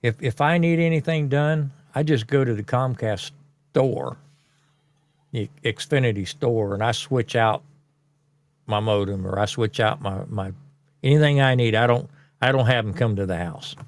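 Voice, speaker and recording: A podcast host with a gravelly, creaky voice at an ordinary pitch for a man. He talks bluntly and plainly, giving his opinions without fuss in relaxed conversation. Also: moderate pace, dry recording. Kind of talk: casual podcast chat.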